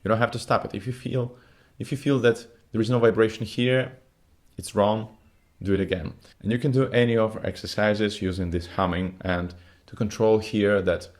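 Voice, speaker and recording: Male vocal coach, somewhat low voice; patient, step-by-step singing lesson delivery with slightly phrasing. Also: fairly even intonation, normal speed. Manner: non-native phrasing, patient step-by-step explaining.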